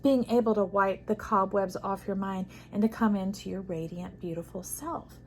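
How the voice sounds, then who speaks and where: A woman's voice: medium pitch, steady tone, normal speed, slight background noise, rough recording. Soothing, affirming woman tarot reader. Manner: soothing, affirming, drifts between soft hushes and bursts; addresses listener as friend. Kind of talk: intuitive tarot reading to camera.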